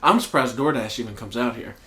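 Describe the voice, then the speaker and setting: Southern man, podcast co-host, cussing storyteller, mid pitch, roomy echo. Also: brisk. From American South. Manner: profane, animated storyteller acting out quotes. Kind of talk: casual storytelling chat. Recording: echoey room.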